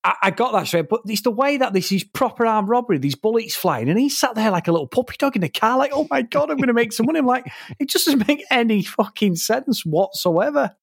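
A man's voice: sits high, expressive, a little fast, few pauses, husky, dry recording. A man co-hosting a review podcast in a slightly raised voice, ranting casually and swearing as he goes. The sound is dry and close, with no room around it.

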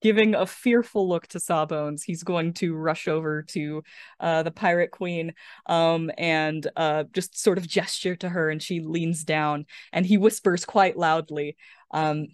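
A woman narrating as game master for a tabletop game in a relaxed way, with fillers. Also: low voice, measured pace, dry recording.

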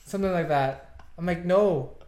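A man's voice: high-pitched, normal speed, a little mellow, reverberant. A young man telling a rambling story in casual chat, filling his talk with "like" and laughing often.

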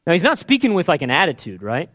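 A male preacher delivers a sermon with a lively, animated voice that sits a little high. He acts out the desperate pleas in the scripture, sinking to a near-whisper and then rising again. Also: fast.

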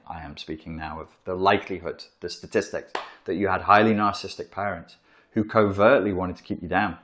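A man's voice: fairly low pitch, fairly bright tone. A man giving an informal psychology lecture, blunt and profane, in a room where he writes on a board. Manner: blunt and profane, acts out quoted voices.

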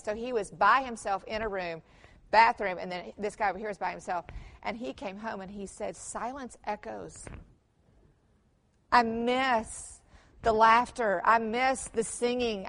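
A middle-aged woman giving a conference workshop talk, telling family stories with humor and lively emphasis. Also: medium pitch. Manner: animated storytelling with humor, mixes in quoted voices. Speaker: conference speaker.

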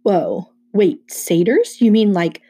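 A woman's voice: mid-range voice, very animated, takes it slowly, dark tone, breathy edge, heavily acted. A woman voicing an anxious, sarcastic twelve-year-old boy who fires off incredulous questions. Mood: alarmed.

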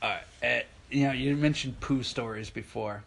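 A man's voice: mid-range voice, normal speed, vocal fry, fairly bright tone. A young man telling rambling, profane stories in casual chat and acting out the people he quotes. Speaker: podcast co-host telling stories.

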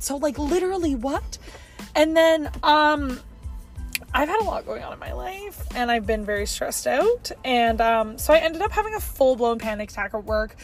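A woman's voice: sits high, fairly bright tone. A young woman in her car telling a story to her phone in a chatty vlog, with lots of "like". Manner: chatty, fast, heavy use of "like". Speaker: vlogger.

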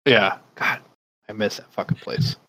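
A man's voice: unhurried, sharp tone, low-quality recording. Laid-back swearing podcast guy. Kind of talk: casual chat.

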